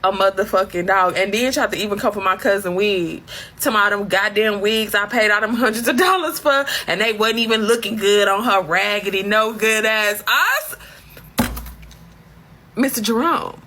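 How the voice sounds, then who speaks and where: A woman's voice: medium pitch, moderate pace, sharp tone. A woman telling a comic story as a profane, exasperated rant full of slang. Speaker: comedic storyteller.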